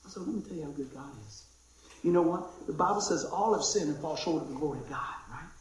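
Man, preacher, high voice, conversational sermon, excitable, hushed to shouting, very echoey room. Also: fast.

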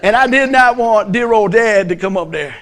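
A middle-aged man preaching a sermon as pastor, animated and joking, telling stories and acting out voices. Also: high voice, normal speed. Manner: animated, joking storyteller who acts out voices.

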